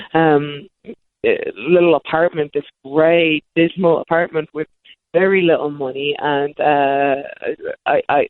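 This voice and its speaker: A woman's voice: deep voice, no room sound. A woman in her thirties telling long personal stories as an interview guest, rambling with frequent restarts. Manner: rambling, self-correcting restarts. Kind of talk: candid storytelling. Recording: tinny phone-like line, dry.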